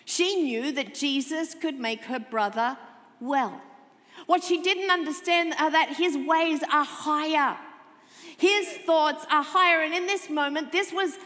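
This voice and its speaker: A woman pastor delivers a sermon in a church sanctuary, her voice sitting a little high. She swings from loud, emphatic lines to hushed, tender ones. The sound carries a long hall reverb. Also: measured pace. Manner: expressive, shifts from loud emphasis to soft intimate tones.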